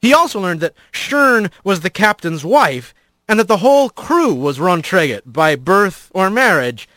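A man narrating a storybook with an expressive, animated reading. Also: high-pitched, unhurried, dry recording. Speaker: audiobook narrator.

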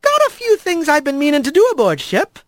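A man playing a bubbly young female otter bosun from a storybook, excitable and squealing. Her voice is very high and bounces up and down. The recording is dry and close. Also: brisk, dry recording, full character voice. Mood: eager.

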